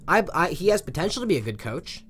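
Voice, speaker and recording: Faint music plays behind a young sports commentator on an exasperated, passionate rant. He's a fast talker with a sing-song, slightly rough voice, swinging from loud outbursts to low muttering.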